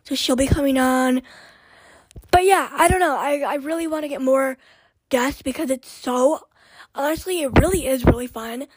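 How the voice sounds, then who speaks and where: A young woman hosting her own podcast in a rambling, chatty way full of fillers, her voice hoarse and short of breath. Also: high-pitched, normal speed, no echo, low-quality recording. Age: young adult. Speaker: podcast host. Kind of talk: casual solo podcast chat.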